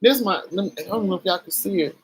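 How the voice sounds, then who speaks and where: Speaking briskly at medium pitch, this middle-aged vlogger opens up to her camera in a chatty, emotional way, dropping casual swear words. The recording sounds rough.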